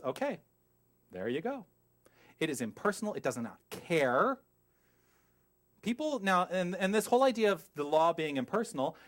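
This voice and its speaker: Middle-aged male minister, lively sermon delivery, slightly higher pitch, asks the room questions. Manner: animated, emphatic, asks the congregation questions, goes off on tangents.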